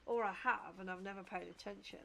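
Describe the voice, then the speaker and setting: A woman's voice: medium pitch, fairly even intonation, fast, gravelly, bright, forceful tone, slight background noise. A middle-aged woman streaming a game, rambling casually, swearing and reading game text aloud. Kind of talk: casual gameplay commentary.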